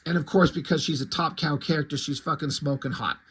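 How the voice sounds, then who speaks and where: A man's voice: on the high side, steady tone, a little fast, fairly bright tone, slightly rough. A man reviewing a comic book in casual, profane, amused commentary.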